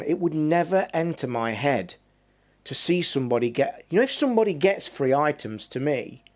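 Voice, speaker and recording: A man's voice: mid-range voice, darkish tone. Fired-up man in his fifties. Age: 50s. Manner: heated, passionate, swearing, drawn-out emphasis. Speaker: podcast host. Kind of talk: live stream rant.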